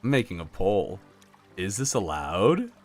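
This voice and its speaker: A man streaming a video game, chatting casually with his chat and laughing often in a jokey, animated way. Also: sits low, a little slow, soft background music. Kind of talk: casual live-stream chat, reading chat aloud.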